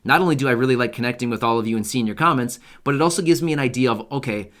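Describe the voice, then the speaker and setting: In a casual explainer on his channel, a male host talks right to his viewers very fast, repeating the main points for emphasis. The voice is mid-range and a bit bright.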